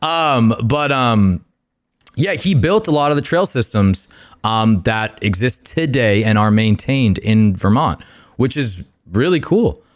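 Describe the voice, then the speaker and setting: A man's voice: mid-range voice, expressive, slow pace. Rambling young man telling stories. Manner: rambling storyteller, many fillers, swearing. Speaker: podcast guest. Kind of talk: casual chat.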